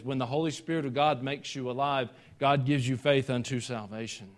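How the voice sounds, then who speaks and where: A man's voice: medium pitch, normal speed. A middle-aged man with a Southern US accent, preaching a sermon as pastor, rising and falling in volume. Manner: preacherly, rises and falls in volume.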